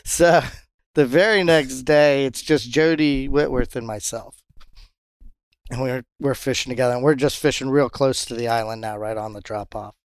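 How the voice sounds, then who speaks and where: A man who captains a charter fishing boat, telling fishing stories in a casual interview and jumping into high voices when he quotes others. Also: moderate pace, clean tone, dry recording. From Pompano, Florida. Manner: animated storyteller, jumps high when quoting others.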